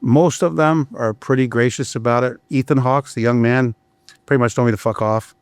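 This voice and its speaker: A man's voice: medium pitch, steady tone, normal speed, clear, resonant tone, no echo. A middle-aged man, a criminal defense attorney, telling blunt, profane stories in a candid podcast conversation. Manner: blunt and profane, storytelling with frequent restarts.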